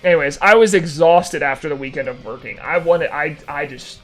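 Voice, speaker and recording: A young man streaming live, chatting casually with viewers and telling an animated story with dry sarcasm. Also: a little high, fairly quick, soft background music.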